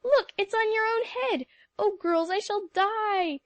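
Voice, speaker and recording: A woman voicing an excitable, theatrical schoolgirl who exclaims breathlessly. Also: extremely high pitch, unhurried, no room sound, voice pushed up. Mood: excited.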